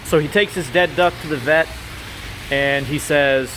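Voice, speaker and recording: A man tells a joke in a loose, rambling way, stopping often on fillers and small restarts. His voice sits a little high, and he is outdoors by a grocery store. Faint cars pass in the background. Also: normal speed, a little hiss or hum. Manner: relaxed, rambling, filler-heavy. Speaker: joke teller. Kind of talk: casual joke telling.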